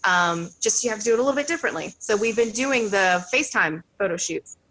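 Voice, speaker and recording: A woman's voice: medium pitch, lively intonation, fast, a bit bright. A woman photographer joining as a guest, speaking in an upbeat, encouraging way. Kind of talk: casual interview chat.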